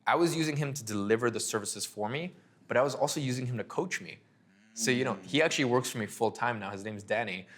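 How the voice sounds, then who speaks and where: A young man telling his business story in an interview, animated and full of fillers, acting out conversations. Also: medium pitch, quick pace. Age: young adult. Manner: animated, filler-heavy, acts out dialogue. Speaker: agency owner guest.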